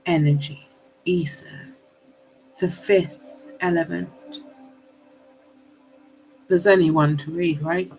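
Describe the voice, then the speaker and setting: A woman's voice: fairly low pitch, fairly even intonation, takes it slowly, pauses often, darkish tone, faint music behind, poor audio. A woman hosting a live tarot reading, exclaiming, swearing and apologizing, and calling her viewers darlings. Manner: affectionate, calls listeners darlings. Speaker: tarot reader.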